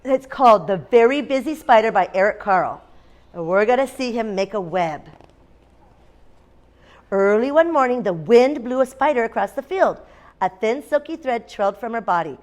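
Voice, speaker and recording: A woman's voice: on the high side, expressive, moderate pace, darkish tone. A woman teacher in a classroom, reading a picture book aloud to young children, asking them questions and making animal sounds. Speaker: kindergarten teacher.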